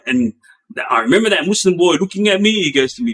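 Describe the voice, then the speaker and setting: Bright-voiced man, rambling storyteller. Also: high voice, lively intonation, quick pace, poor audio. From Australia. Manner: rambling, many fillers and restarts, quotes others animatedly. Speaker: former inmate telling stories. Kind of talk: casual storytelling.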